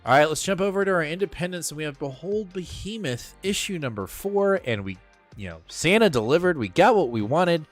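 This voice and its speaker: A man co-hosting a casual comic book review show, talking excitedly with lots of fillers and casual swearing. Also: on the high side, a little fast, faint music behind. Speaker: podcast co-host.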